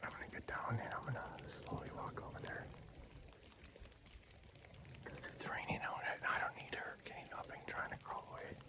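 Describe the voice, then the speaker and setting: A man with an Upper Midwest accent whispering excitedly from a tree stand in the woods, shaking from cold. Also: moderate pace, pauses often. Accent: Upper Midwest American. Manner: hushed, excited whisper with fillers. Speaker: hunter filming himself. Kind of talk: whispered hunting vlog. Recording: loud wind and rain noise outdoors.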